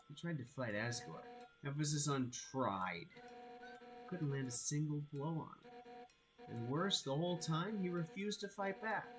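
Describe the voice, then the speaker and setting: A man reading a game aloud while voicing a brash, hot-headed female fish warrior captain in a loud, blunt way. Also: medium pitch, lightly acted, low-quality recording. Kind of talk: reading game dialogue aloud on a live stream.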